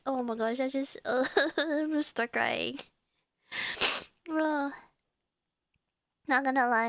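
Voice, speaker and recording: Young female streamer, high, slow, dry close sound; tearful, laughing reaction chat. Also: a bit bright, no echo. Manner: emotional, tearful, laughs often.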